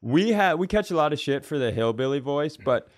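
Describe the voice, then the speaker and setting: A man's voice: on the high side, lively intonation, a little fast, no room sound, clean studio sound. Rambling profane male podcast co-host. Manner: rambling, profane riffing with hesitant restarts. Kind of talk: casual comedic chat.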